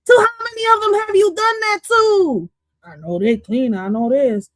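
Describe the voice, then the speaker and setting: A woman streaming casual reaction commentary on an interview clip, loud, profane and playful, dropping in Spanish phrases. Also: high voice, sing-song, moderate pace, no room sound.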